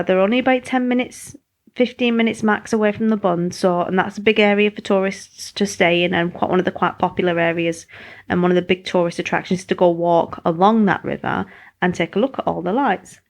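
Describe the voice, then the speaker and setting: A woman's voice: medium pitch, vocal fry. A woman host, chatting in a rambling, self-deprecating way on her podcast. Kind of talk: casual podcast monologue.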